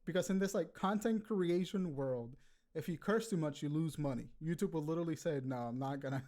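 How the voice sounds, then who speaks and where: Male podcast co-host, slightly high voice, loose and profane, quick to laugh. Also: darkish tone. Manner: laid-back, swears freely, laughs often. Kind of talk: casual chat.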